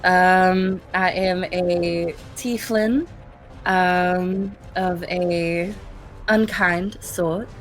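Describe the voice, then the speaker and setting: A woman's voice: fairly low pitch, fairly even intonation, extremely slow, soft background music. Chatty woman player with a cold. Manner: chatty and filler-heavy. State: sick with a cold. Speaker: player and streamer. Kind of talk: casual chat in a tabletop game session.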